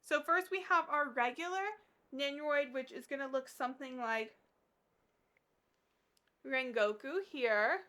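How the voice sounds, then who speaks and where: A woman chatting to camera as a regular vlogger, bubbly and gushing, with fillers scattered through her talk. Her voice sits high and sounds bright and crisp. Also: measured pace, pauses often. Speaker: collector vlogger. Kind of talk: casual chat to camera.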